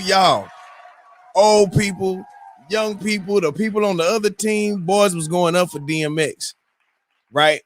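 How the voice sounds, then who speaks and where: A man hosting a morning show, telling a story in a loose, animated way, whooping and mimicking crowd voices. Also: high voice, a little slow. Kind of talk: casual storytelling.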